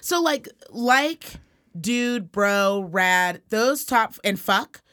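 A young woman from Reno co-hosting a podcast in casual chat, talkative and quick to swear and laugh. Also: medium pitch, expressive, a bit bright. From Reno, Nevada. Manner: chatty, swears freely, laughs often. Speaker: podcast co-host.

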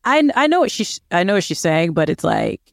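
Teasing woman podcaster, lowish voice. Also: wildly swooping pitch, brisk, creaky, no echo, clean studio sound. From United States. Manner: teasing, playfully dramatic, swings high in pitch. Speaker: podcast co-host. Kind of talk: casual history podcast chat.

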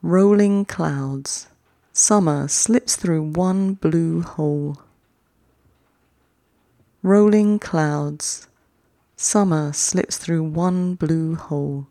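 A podcast host reading short poems slowly and deliberately, each one twice with long pauses, then closing the show in a chattier way. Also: mid-range voice, mellow, dry recording, studio quality. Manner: chatty, quicker sign-off. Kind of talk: slow, measured poetry reading.

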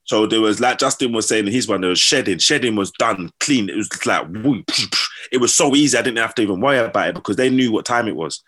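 A man's voice: on the low side, fast talker, husky. A man telling stories in casual slang, acting out what people said. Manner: slangy, animated, acts out quotes. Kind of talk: casual storytelling.

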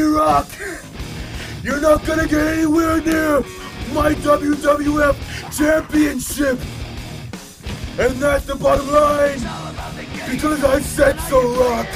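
A man putting on the voice of a loud, boastful male wrestler, shouting brash taunts. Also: very high-pitched, voice pushed up, exaggerated voice.

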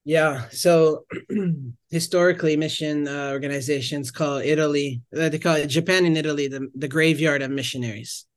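A man's voice: a little high, fairly even intonation, moderate pace. A man in his thirties, a missionary guest, telling his story in a casual interview and often restarting his sentences. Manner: rambling, self-correcting storyteller with frequent restarts.

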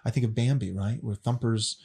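A man's voice: lowish voice, fairly even intonation, fairly quick, mellow, husky. A man casually explaining a faith question as a teacher, earnest and often repeating words as he restarts.

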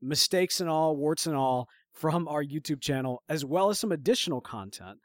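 Southern man, slightly high, dry sound. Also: normal speed, no echo. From Mississippi. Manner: relaxed, laughs often, loose rambling asides. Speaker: podcast co-host. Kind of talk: casual chat.

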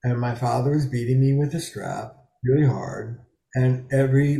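A man's voice: medium pitch, measured pace, gravelly, mellow, echoey room. A man in his seventies, a psychotherapist speaking frankly and emphatically in an interview, from a small bedroom study. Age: 70s. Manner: frank, emphatic, swears freely. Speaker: psychotherapist guest. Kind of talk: candid interview conversation.

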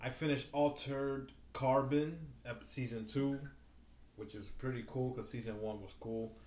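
A man's voice: medium pitch, steady tone, measured pace, darkish tone, echoey room, slight background noise. A man co-hosting a podcast in casual chat, joking crudely and swearing freely. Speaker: podcast co-host.

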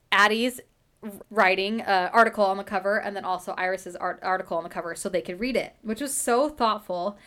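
A woman's voice: medium pitch, fairly bright tone, clean tone. Woman host gushing over a book, laughs a lot, chatty recap.

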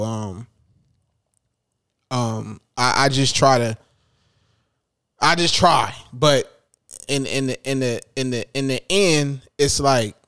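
A man's voice: medium pitch, fairly bright tone, clean tone, no echo, clean studio sound. A man talking casually as a parent, rambling and restarting his sentences often. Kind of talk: casual chat.

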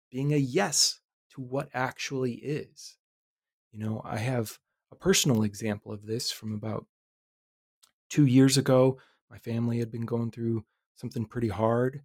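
A man in his thirties hosting a podcast, telling a personal story in a reflective, animated way with casual swearing. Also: mid-range voice, vocal fry, slightly rough, no echo, studio quality. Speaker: podcast host.

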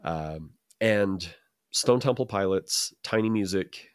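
A man's voice: low-pitched, slow pace, clear, resonant tone, no room sound. A man who grew up in Utah, co-hosting a casual chat show, rambling with repeats and dry jokes. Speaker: podcast co-host.

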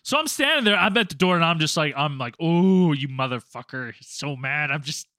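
A man telling a casual story to friends, animated and profane, acting out quotes loudly. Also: fairly high pitch, brisk, dry recording, clean studio sound. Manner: animated, acts out quotes, swears a lot. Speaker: storyteller, former teacher abroad.

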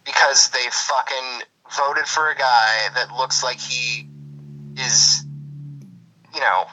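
A man's voice: mid-range voice, fairly even intonation, slow, sharp tone. A man hosting a podcast over the phone, ranting in a casual, profane, sarcastic way. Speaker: podcast host. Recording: phone call recording.

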